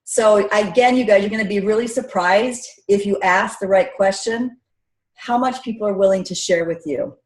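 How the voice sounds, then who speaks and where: A woman's voice: medium pitch, moderate pace. A woman coaching network marketers in an upbeat, chatty teaching talk, calling her listeners guys. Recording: echoey room.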